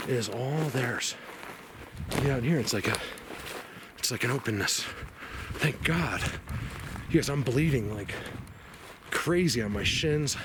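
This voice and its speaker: Out-of-breath man vlogging on a forest trail, excitable and rambling, occasional hushed whispers, noisy camera mic. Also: mid-range voice. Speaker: outdoor vlogger searching for Bigfoot. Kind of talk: casual walking vlog to camera. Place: forest outdoors.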